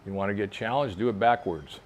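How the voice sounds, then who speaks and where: A man's voice: on the low side, a little fast, a little hiss or hum. A man in his sixties, close to seventy, demonstrating fitness exercises for fly fishers, plain-spoken and coaching as he moves. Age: 60s. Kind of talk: casual instructional demo. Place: outdoor covered veranda in a park.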